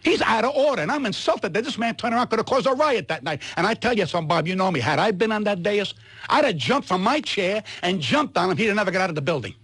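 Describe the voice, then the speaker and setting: A man, a comedian guest on a radio talk show, ranting loudly and indignantly with lots of repetition. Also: sits high, expressive, fast talker, slightly rough, dry recording. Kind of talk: heated radio rant.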